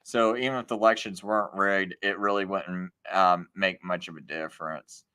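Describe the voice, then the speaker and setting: A man's voice: sits low, steady tone, moderate pace, pushed and bright, clear, resonant tone. A man hosting a live stream, ranting in a casual, sarcastic and scornful way, often slipping into mocking impressions of other people. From United States. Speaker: livestream host.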